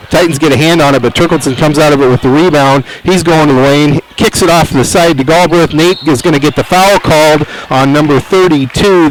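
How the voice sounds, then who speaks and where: Midwestern guy doing play by play in a gym, quick calls, faint noise around. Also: on the high side, low-quality recording. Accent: Midwestern American. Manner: brisk, calls each play as it happens. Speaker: play-by-play announcer. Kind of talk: live basketball commentary. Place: high school gym at an armory.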